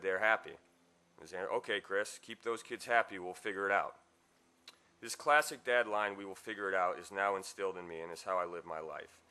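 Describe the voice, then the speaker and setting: A man's voice: low voice, sharp tone. A man giving a heartfelt eulogy for his father at a memorial service, with wry asides.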